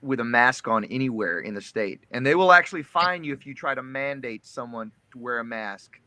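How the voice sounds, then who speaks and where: A man's voice: medium pitch, animated, brisk, bright, forceful tone. A man in his forties with a Texas accent, talking candidly and joking in a casual group chat. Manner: candid, joking, restarts often.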